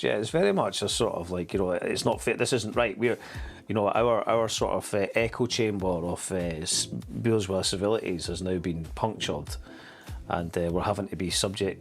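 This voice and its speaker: Male host, low-pitched, sardonic, rambles and restarts, over faint music. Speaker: podcast host. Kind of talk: casual commentary.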